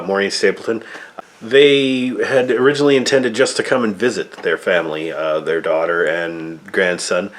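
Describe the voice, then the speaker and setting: A man with a fairly low voice reviews a film in a loose, rambling rant. He sounds exasperated and drops the odd swear word. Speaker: movie reviewer. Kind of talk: casual ranting review.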